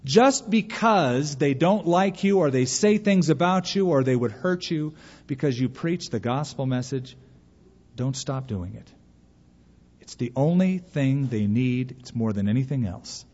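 A man's voice: mid-range voice, lively intonation, measured pace, darkish tone, breathy edge. A man preaching a sermon and reading a story aloud, earnest and emphatic, pleading at times. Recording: dull recording with long hall reverb.

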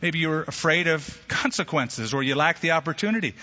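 A man preaching a sermon with a bright, forceful edge to his fairly high voice, his pitch jumping as he drives each point home. The sound is slightly dull, and his voice carries a long echo from the hall around him. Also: brisk. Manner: animated preaching with sudden pitch jumps and acted quotes. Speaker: pastor.

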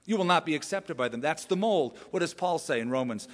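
A male pastor delivers a sermon in an easy, conversational style, often turning to rhetorical questions. His voice sits a little higher than most men's. It echoes with the long reverb of a large church sanctuary. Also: expressive, a little fast.

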